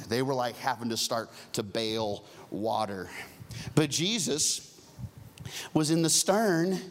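A man preaching a sermon, swinging from loud, high emphasis down to soft, hushed near-whispers. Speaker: pastor.

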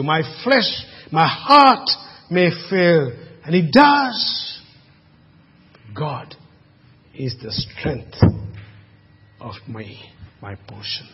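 Husky preacher in an echoing hall. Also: male voice, a little high. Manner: swings from hushed to loud emphatic preaching. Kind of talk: sermon. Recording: lo-fi with long reverb in a hall.

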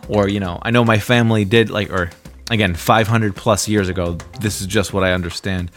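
A man's voice: fairly low pitch, fairly even intonation, a little fast, a bit bright, faint music behind. A man co-hosting a podcast, talking casually and joking, with hesitant, restarting phrasing. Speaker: podcast co-host.

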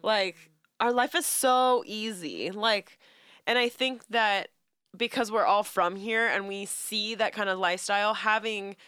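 A young woman from San Diego co-hosting a casual podcast, blunt and quick to swear and laugh. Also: medium pitch, pushed and bright, clean tone, no echo. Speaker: podcast co-host.

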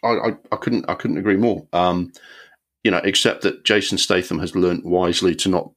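A man co-hosts a film podcast in a relaxed, chatty way. His voice sits very low and deep. He is opinionated and rambles, often restarting his sentences. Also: moderate pace. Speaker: podcast co-host. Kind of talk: casual film review chat.

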